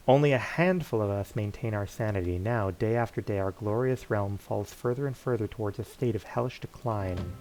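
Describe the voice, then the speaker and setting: A man's voice: fairly low pitch, fairly quick, few pauses, darkish tone, slight background noise, close to an everyday voice, poor audio. A man reading aloud the lines of an elemental air dweller who is fighting off madness, in a grave way. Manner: grave, reads the text aloud.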